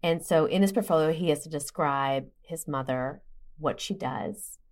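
A woman in her forties, a podcast guest telling a personal story in a lively, animated way with quick asides. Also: sits low. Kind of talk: podcast conversation.

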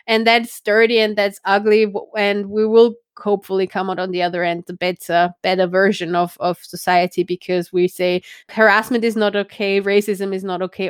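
A woman's voice: mid-range voice, smooth, dry recording, studio quality. A woman hosting a podcast in casual chat, frank and blunt, thinking aloud and checking in with "right?". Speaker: podcast host.

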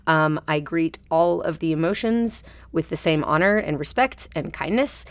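A woman with a low, dry, close-miked voice talks through a self-compassion practice on her solo podcast. She is gentle and unhurried, dropping soft laughs and playful pictures into the reflection. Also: lively intonation, no echo. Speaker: podcast host.

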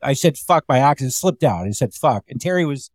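A man who is a stand-up comedian, telling road stories in casual chat on a remote call, animated and swearing freely as he acts out other people's voices. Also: mid-range voice, fairly quick, no echo, clean studio sound.

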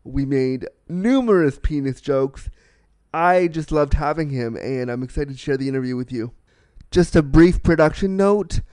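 Chatty podcast host, mellow and smooth. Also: male voice, on the high side, normal speed. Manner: chatty, excitable, laughs often. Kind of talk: casual podcast interview. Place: small apartment room. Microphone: desk mic, guest sharing it.

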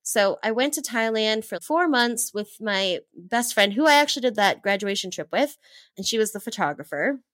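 Lively, bright-voiced woman telling travel stories. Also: fairly high pitch, moderate pace, no room sound. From Hawaii. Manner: enthusiastic, laughs often, acts out her own past thoughts. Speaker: guest, travel entrepreneur. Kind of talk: animated storytelling in an interview.

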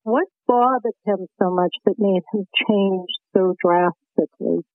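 A woman's voice: medium pitch, measured pace, dry recording. Boston lady calling in on the phone, eager and chatty, tinny line. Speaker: caller. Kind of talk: call-in radio chat.

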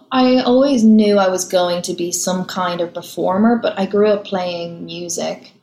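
Chatty actress in echoey room. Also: female voice, medium pitch, darkish tone. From Ireland. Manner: chatty, laughs easily, fast storytelling. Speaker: actress, interview guest. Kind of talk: casual interview chat.

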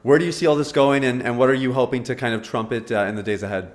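Host role: man, mid-pitched, encouraging, long meandering questions. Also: quick pace. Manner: supportive, rambling questions with fillers. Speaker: podcast host. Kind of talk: interview questions.

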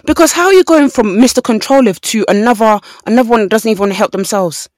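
A young woman co-hosting a podcast chats casually in a slightly high voice, talking fast. She tells animated stories and acts out the quotes in different voices. The recording is dry.

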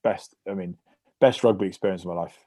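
An English man in his thirties recounts his playing days in a relaxed interview. He talks in a somewhat low voice, recorded close and dry. His delivery is animated and anecdotal, full of fillers and restarts. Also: fast talker, no room sound. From England. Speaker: former rugby player, guest. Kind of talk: casual interview storytelling.

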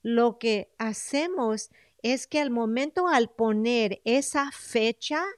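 A woman's voice: a little high, unhurried, clear, resonant tone, dry recording, studio quality. A woman coaching her audience on goal setting, switching between English and Spanish with a coaxing manner and repeated phrases. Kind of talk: bilingual coaching talk.

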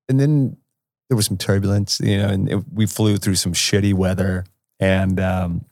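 A man's voice: low-pitched, darkish tone, dry recording, clean studio sound. A man casually telling a rambling, profane travel anecdote, laughing often as he goes. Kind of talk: casual storytelling.

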